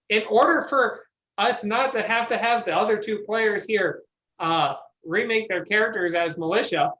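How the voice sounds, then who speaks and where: A woman narrating a tabletop game as game master in a relaxed, unhurried way. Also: mid-range voice, lo-fi sound.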